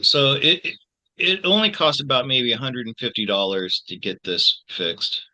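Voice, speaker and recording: A man in his sixties from the United States, a tarot channel host, talking casually to his viewers in a halting way with many restarts. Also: medium pitch, pushed and bright. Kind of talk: casual personal talk to viewers.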